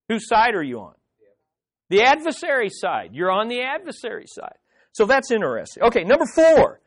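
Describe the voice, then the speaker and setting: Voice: medium pitch, sing-song, normal speed. A Bible teacher leads a study group in an emphatic, hands-on way. The teacher keeps turning to the listeners with direct questions and repeats words to drive a point home.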